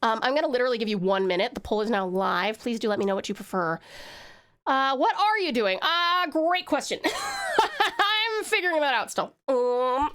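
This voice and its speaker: A woman's voice: high voice, very animated, normal speed, a bit bright, clean tone. A woman from Tasmania chatting casually with her viewers on a livestream while she draws, rambling and talking straight to the chat. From Tasmania, Australia. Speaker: livestreamer and artist.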